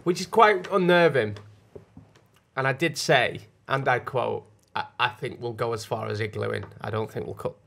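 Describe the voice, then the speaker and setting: A man co-hosts a casual podcast, with a voice that sits at an ordinary middle pitch. He is animated and quick to laugh, and he jumps from one topic to the next. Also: creaky. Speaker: podcast co-host. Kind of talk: casual chat.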